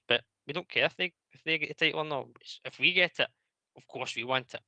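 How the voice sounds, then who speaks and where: Bright, forceful Scottish man. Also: on the high side, fast, no echo. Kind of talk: football phone-in chat.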